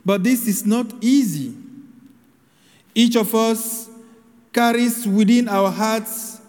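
A man preaching a sermon in a slow, measured homily delivery with solemn pauses. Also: high voice, darkish tone, long reverb tail.

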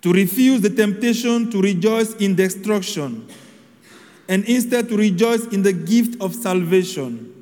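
A man delivering a sermon, his voice sitting high for a man. He speaks slowly and deliberately, pausing solemnly between phrases, and his words ring out with a long reverb as if in a large hall. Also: expressive, a little mellow. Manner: slow, measured homily delivery with solemn pauses. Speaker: preacher.

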